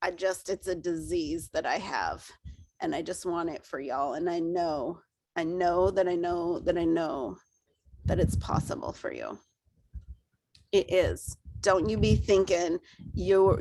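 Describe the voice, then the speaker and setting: A woman's voice: lowish voice, measured pace, a little mellow, a little hiss or hum, poor audio. Passionate woman leader cheering on her team. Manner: passionate, encouraging. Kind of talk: motivational talk to a team.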